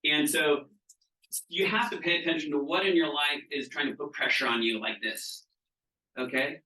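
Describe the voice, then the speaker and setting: A middle-aged man's voice, on the high side, comes across pushed and bright yet steady, at a moderate pace. He leads a wellness training session for an audience in a relaxed, talkative live-seminar manner, repeatedly checking for understanding. He's captured off mic, far away, in an echoey space.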